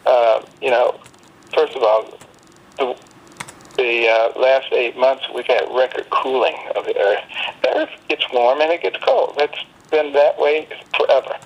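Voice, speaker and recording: A middle-aged man speaking as a guest on a call, giving political commentary in a measured way with frequent fillers and restarts. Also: mid-range voice, dull audio.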